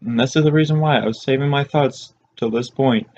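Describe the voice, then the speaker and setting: A man's voice: mid-range voice, fairly quick, a little mellow, highs cut off. A man co-hosting a review, giving his opinion in a casual, hesitant way with fillers.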